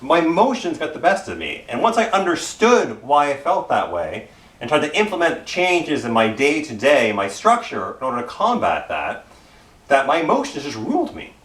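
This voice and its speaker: This middle-aged Canadian pastor's high, fairly bright voice swoops wildly in pitch at a normal speed, picked up from a distance with roomy church sound. His relaxed sermon is full of self-deprecating personal anecdotes and repeated phrases.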